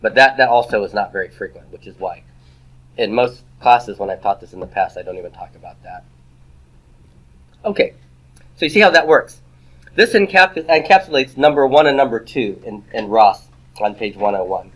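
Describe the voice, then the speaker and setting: A man teaching a Hebrew grammar class in a classroom, lecturing and firing quick rhetorical questions at the students. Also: mid-range voice, expressive, fairly bright tone.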